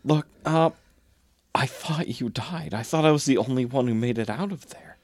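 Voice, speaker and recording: A woman's voice: very deep voice, normal speed, darkish tone, pitched below the performer's own voice. A woman voicing an adventurer who abandoned her party and now defends herself wearily. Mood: defensive. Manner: defensive, weary.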